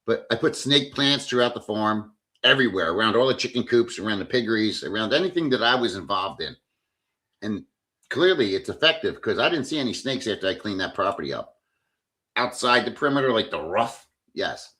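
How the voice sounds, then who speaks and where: A man hosting a casual livestream, telling stories in an animated way, reading chat comments aloud and swearing freely. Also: lowish voice, fairly quick. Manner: animated storyteller who reads chat aloud. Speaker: livestream host. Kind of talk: casual live-stream chat.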